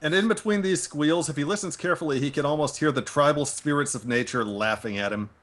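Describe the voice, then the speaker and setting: A man's voice: a little high, fast talker, a bit bright. A man playing a tabletop game, checking the rules and tossing in playful descriptive asides. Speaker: player. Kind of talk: casual tabletop game talk.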